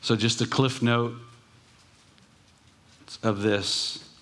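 A man's voice: mid-range voice, fairly even intonation, very slow, fairly bright tone. A man preaching a sermon as pastor, earnest, with emphatic rising bursts.

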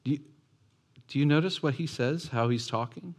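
A man's voice: medium pitch, moderate pace. A man preaching a sermon who acts out the voices and asks his congregation questions. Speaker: pastor.

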